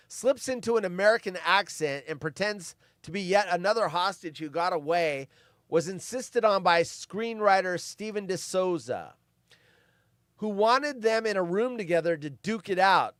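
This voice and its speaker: High-voiced man reading movie trivia. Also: a bit bright, dry recording, clean studio sound. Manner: reads facts, then adds offhand asides. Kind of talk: casual commentary over a film.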